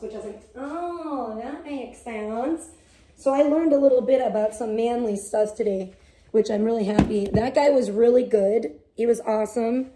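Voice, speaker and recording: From the garage at her home, a young female livestreamer chats casually, rambling, animated and full of swearing. Her pitch is fairly high, and a little hiss or hum runs under the recording.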